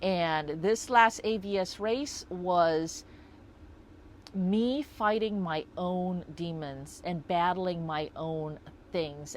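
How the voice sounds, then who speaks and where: A woman's voice: on the low side, a little hiss or hum. A woman talking through a personal story in a casual vlog, reflective and rambling with lots of fillers. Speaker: vlogger.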